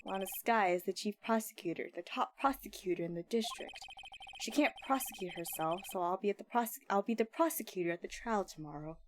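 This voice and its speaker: A woman voicing an aloof male prosecutor in a game, reading his lines low, quiet and dry. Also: a little fast, a little hiss or hum, close to an everyday voice. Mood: cool, dry. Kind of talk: reading game dialogue aloud.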